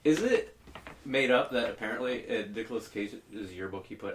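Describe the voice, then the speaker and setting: A man's voice: on the low side, lively intonation, moderate pace, a little hiss or hum. A young man co-hosting a casual podcast, rambling through stories and swearing casually. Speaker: podcast co-host. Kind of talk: casual chat.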